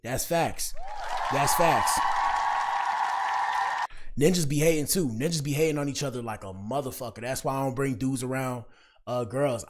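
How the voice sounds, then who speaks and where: Young man, casual commentary, slangy, preachy, talks to his viewers, medium-pitched voice. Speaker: commentary streamer.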